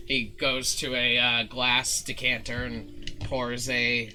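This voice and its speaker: A man's voice: medium pitch, level tone, slow pace, sharp tone, soft background music. A man acting as dungeon master, narrating a tabletop game in a casual, rambling way with fillers.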